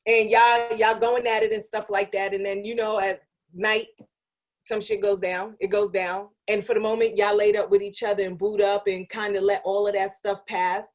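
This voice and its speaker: A woman's voice: medium pitch, little pitch movement, normal speed. A woman radio personality guesting on a podcast in casual chat, reasoning things through with frequent fillers.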